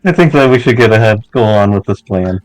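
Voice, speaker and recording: A man's voice: fairly low pitch, lively intonation, fairly quick, faint music behind, rough recording. A man playing in a tabletop game, chatting in an easygoing way. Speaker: player. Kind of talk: casual game chat.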